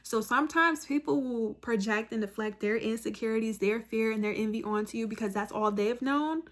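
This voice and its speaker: A woman's voice: on the high side, a little fast. A woman talking straight to her viewers with motivational advice, earnest and direct, counting off her points one by one. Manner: repeats phrases for emphasis, says "like" often. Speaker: self-help video host. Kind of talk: motivational monologue to camera.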